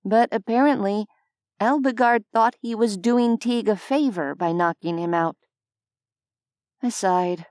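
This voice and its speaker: A woman narrating a scripted audiobook in an unhurried, even storytelling manner on a close studio mic. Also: a little high, clean tone, no room sound.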